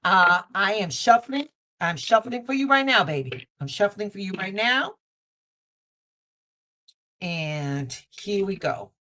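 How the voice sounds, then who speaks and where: A woman's voice: medium pitch, lively intonation, takes it slowly, pauses often, sharp tone. Woman tarot reader live-streaming from home, affectionate, emphatic repetition. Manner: affectionate, calls viewer baby and mama; repeats phrases for emphasis. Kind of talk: live-stream card reading. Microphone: basic streaming setup.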